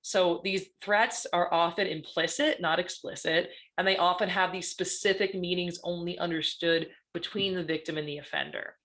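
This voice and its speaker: Woman presenting, chatty and animated. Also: fairly low pitch, normal speed, few pauses. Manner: lively, conversational, often asks "right?". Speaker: guest panelist on stalking. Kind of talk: presentation talk.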